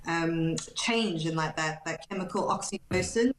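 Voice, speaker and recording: A woman's voice: sits low, measured pace, roomy sound, rough recording. A woman giving her views as a guest on a radio discussion, emphatic and outspoken. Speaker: panel guest.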